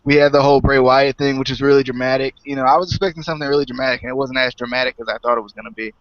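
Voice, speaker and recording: A young man co-hosting a casual wrestling review chat, talkative and quick to laugh. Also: mid-range voice, fairly even intonation, no room sound. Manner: chatty, laughs often, trails off. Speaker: co-host. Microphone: online call mic. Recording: muffled lo-fi call audio.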